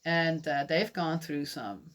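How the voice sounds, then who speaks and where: A woman's voice: low voice, slow. A middle-aged woman from Switzerland teaching a Bible lesson, telling personal stories in a chatty, laughing way and asking her listeners questions. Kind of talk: storytelling sermon.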